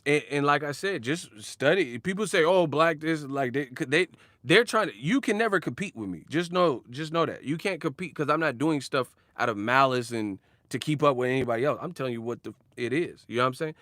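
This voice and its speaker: A man's voice: medium pitch, lively intonation, a little fast, a bit bright, no echo. A young man ranting in slang for a casual boxing vlog, swearing and laughing as he talks. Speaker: boxing commentary vlogger. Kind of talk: casual rant.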